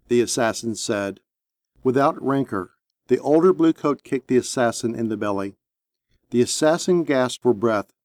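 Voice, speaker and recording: A man narrating an action story in a steady, measured audiobook reading. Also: mid-range voice, dry recording.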